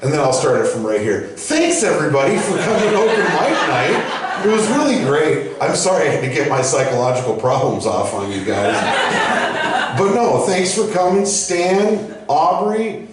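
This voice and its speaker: A man working out stand-up material with a slightly high, profane, rambling delivery. He is heard from some distance in a very echoey room. It sounds like a small live venue. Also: sing-song, moderate pace, a loud crowd, very noisy. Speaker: open mic host and comedian. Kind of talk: stand-up comedy. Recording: very echoey room, mic from afar.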